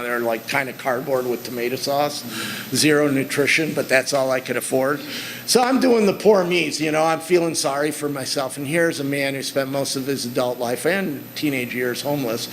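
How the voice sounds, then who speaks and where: A man's voice: on the high side, a bit bright, rough recording. A middle-aged man giving a talk to an audience, telling stories about his work in an earnest, conversational way. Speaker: speaker. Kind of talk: conference talk with slides.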